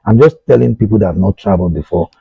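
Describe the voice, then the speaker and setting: A middle-aged Nigerian man, hosting a talk show, races through earnest, repetitive advice aimed straight at his listeners. His voice sits on the low side, warm and slightly rough with vocal fry, and the recording itself is rough.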